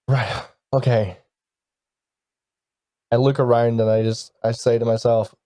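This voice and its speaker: Mellow-voiced man playing a game. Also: mid-range voice, flat delivery, no echo. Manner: deliberate, solemn in character. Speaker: player. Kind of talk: in-character role-play and casual table talk.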